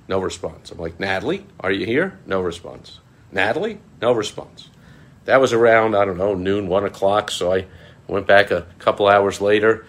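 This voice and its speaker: Low-voiced middle-aged man telling a story. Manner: animated, chuckling, breaks into mocking high-pitched quoted voices. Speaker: small business marketing consultant, show host. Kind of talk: casual storytelling vlog.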